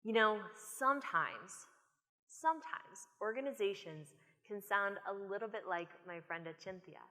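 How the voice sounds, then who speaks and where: An American woman speaker giving an animated, storytelling conference talk from a stage. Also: medium pitch, measured pace. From United States. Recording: long reverb of a conference hall.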